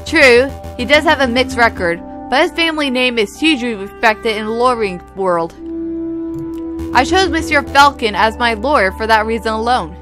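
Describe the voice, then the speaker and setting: A woman's voice: fairly high pitch, animated, moderate pace, music in the background, natural voice. A woman doing a sly, suave fox detective. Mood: smooth. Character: smooth male fox private investigator, sly.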